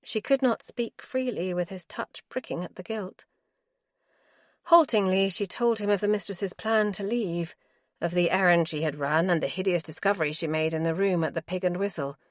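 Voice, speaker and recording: A woman narrating an audiobook in a measured, even reading style. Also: lowish voice, no echo, studio quality. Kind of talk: scripted narration.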